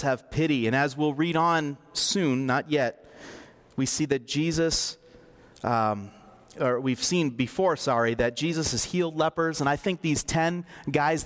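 Expressive male pastor preaching. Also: fairly high pitch, a little slow. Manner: conversational and expressive, acts out scripture scenes. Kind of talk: sermon.

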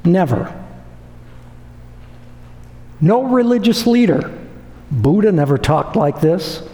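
A man's voice: sits high, lively intonation, slow pace, mellow. A man preaching a sermon, emphatic and repeating phrases for effect. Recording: echoey hall with long reverb.

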